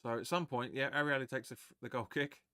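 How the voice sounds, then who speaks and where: A man hosting a live fan watch-along of a football match, chatting excitably, swearing, and reading viewer comments aloud. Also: medium pitch, fast talker, dry recording, clean studio sound.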